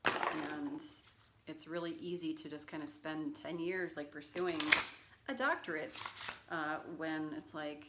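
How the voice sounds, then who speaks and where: A woman with a low, deep speaking voice talks through a tarot reading in a loose, rambling way. She fills her talk with "um" and "like" and keeps going off on asides. A faint hiss sits under the recording. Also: unhurried. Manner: chatty, rambling, full of fillers and asides. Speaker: tarot reader. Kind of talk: casual tarot reading vlog.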